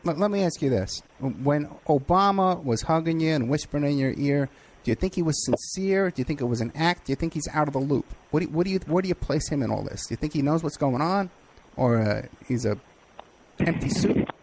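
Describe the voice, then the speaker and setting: A man's voice: a little high, lively intonation, a little fast, noisy background. A man hosting an interview who asks direct, probing questions. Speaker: host.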